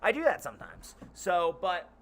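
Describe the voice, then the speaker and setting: A young man with a bright, ringing voice talks loudly in a loose, rambling monologue as host of his own channel. His voice sits a little higher than most men's. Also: normal speed, a little hiss or hum. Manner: loud, rambling and animated.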